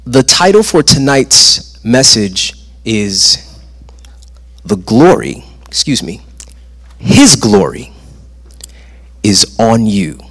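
A male preacher delivers a sermon from the stage with an emphatic, rhythmic style, repeating phrases for effect. His voice is lively in pitch and slightly husky. The sound carries the long reverb of a large church sanctuary. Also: very slow, pauses often.

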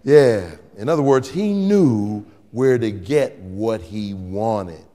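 A male pastor preaching to his congregation with call-and-response and playful teasing, swinging between sudden shouts and quiet asides. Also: fairly low pitch, lively intonation, slow, long reverb tail. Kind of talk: sermon. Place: church sanctuary with congregation.

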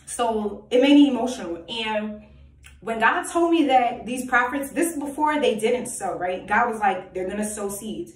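Woman preaching at the camera, fairly high voice, echoey room, kinda far from mic. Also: lively intonation, moderate pace. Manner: emphatic, repetitive, rhetorical questions. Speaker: self-styled prophetic vlogger. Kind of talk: preachy personal monologue.

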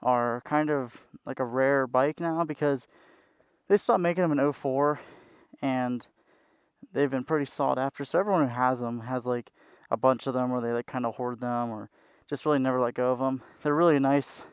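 A man's voice: medium pitch, fairly even intonation, moderate pace, smooth, dry recording, clean studio sound. A man vlogging about his dirt bike in a laid-back, rambling way, swearing freely. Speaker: motorcycle vlogger. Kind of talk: casual vlog chat about a dirt bike.

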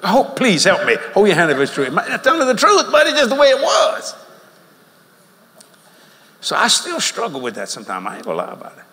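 Pitched high and swooping wildly, this older Louisiana man's bright, forceful voice moves fairly quickly as he tells folksy, joking sermon stories in a drawling style. The recording comes from a large, reverberant meeting hall with faint ambience.

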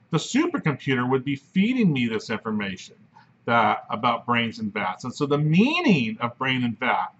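A philosophy professor lecturing in a conversational way, often checking in with "right?". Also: male voice, fairly high pitch, fairly bright tone, breathy edge. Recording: dull lo-fi recording.

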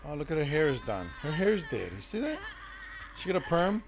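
A man streaming a live game, joking with chat and breaking into loud excited shouts. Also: on the high side, a little fast. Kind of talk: live gameplay commentary.

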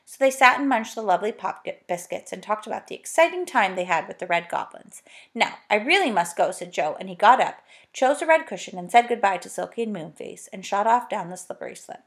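A woman teacher reading a children's book aloud in an expressive, animated way. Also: medium pitch, brisk.

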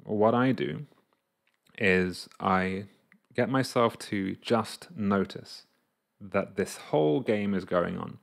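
A man's voice: fairly low pitch, measured pace, gravelly. A man talking casually to camera as a coach, explaining an idea through his own examples and acting out his inner voices. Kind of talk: casual reflective monologue to camera.

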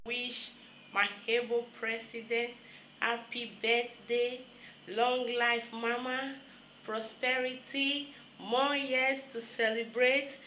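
A woman giving soft, quiet birthday wishes in a video message. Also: a little high, little pitch movement, slow. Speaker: well-wisher. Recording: echoey room, faint ambient noise.

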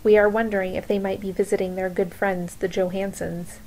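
A cold, probing male soldier makes pointed suggestions, voiced by a woman reading a storybook. His manner is insinuating and calm. The tone stays warm and mellow. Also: mid-range voice, a little fast, close to an everyday voice, low-quality recording.

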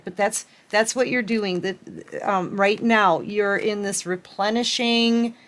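A woman giving a collective tarot reading, gushing and excitable, speaking warmly and directly to her viewers with frequent laughs. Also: medium pitch. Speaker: tarot reader.

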